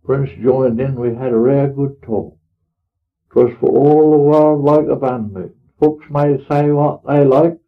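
A man playing an elderly, pious farmer with a rural Norfolk dialect, telling his tale in a homely, earnest, rambling way. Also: a little high. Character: elderly pious rustic farmer, plain-spoken. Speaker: storyteller in character. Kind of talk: dramatic monologue reading. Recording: tinny phone-like old recording.

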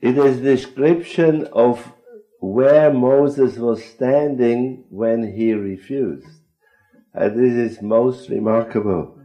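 A man's voice: medium pitch, slow pace, warm tone, low-quality recording. A man leading a group Bible discussion, earnest and often posing questions to his listeners. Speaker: Bible study speaker.

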